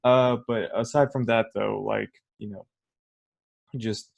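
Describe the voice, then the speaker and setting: A young man co-hosting a podcast in casual chat, joking and laughing through animated asides. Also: lowish voice, slow pace, vocal fry. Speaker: podcast co-host.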